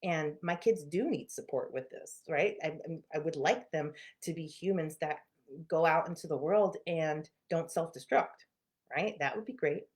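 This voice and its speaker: Middle-aged female therapist, casual to-camera talk, lowish voice, animated and laughing. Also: normal speed. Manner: animated storytelling, laughs often, shifts between loud and quiet. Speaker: therapist and channel host.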